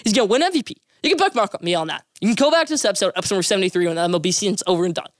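An emphatic sports podcast host rattles off opinions and bold predictions at a breakneck clip. The voice sits in a middle pitch range. It sounds dry and close, with almost no room around it. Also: expressive, racing, no echo. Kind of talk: opinionated sports talk segments.

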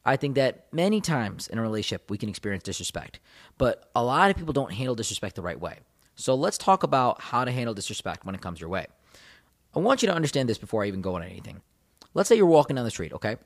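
Fast-talking male relationship coach. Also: medium pitch, big pitch swings. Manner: emphatic, addresses viewers directly, repeats key phrases. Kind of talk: motivational advice talk to camera.

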